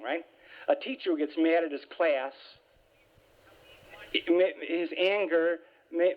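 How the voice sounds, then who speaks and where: A man giving a humorous spiritual talk, telling stories lively with self-mocking asides. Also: on the high side. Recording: tinny phone-like radio sound.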